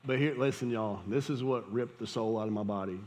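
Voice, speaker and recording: A man's voice: medium pitch, a little fast, very noisy. A man, preaching a sermon as a pastor, telling a casual, conversational story and laughing at it. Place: church hall with audience. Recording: live church hall with long reverb.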